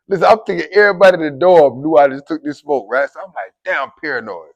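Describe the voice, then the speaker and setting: Speaking casually to camera, this storyteller describes life in prison, animated and addressing listeners directly while voicing the guards and inmates he quotes. He sits high, talks at a quick pace, and sounds gravelly.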